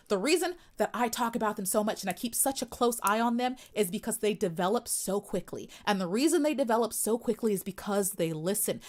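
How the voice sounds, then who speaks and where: A young adult woman from the United States hosting a live stream, talking back to critics in the chat in a sassy, confrontational way with emphatic repetition. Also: mid-range voice. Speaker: livestream host.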